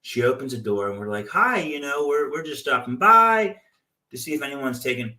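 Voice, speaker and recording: A man hosting a real estate investing show, giving a loose, animated motivational talk full of stories and "like". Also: mid-range voice, normal speed. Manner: loose, animated storytelling with frequent "like". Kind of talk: casual motivational talk with anecdotes. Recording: echoey room, distant from the mic.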